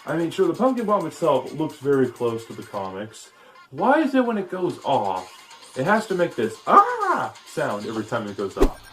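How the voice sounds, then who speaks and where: A man's voice: mid-range voice, big pitch swings, normal speed, music in the background. A man giving a casual, opinionated critique of a cartoon, rambling with frequent restarts. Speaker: video commentator.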